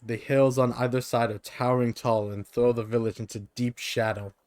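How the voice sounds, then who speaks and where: A man's voice: mid-range voice, level tone, moderate pace, darkish tone, no echo. Brief: male streamer narrating a gamebook, mid voice, dry close sound. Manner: plain narration with offhand asides. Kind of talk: reading an interactive gamebook aloud. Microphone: streaming microphone.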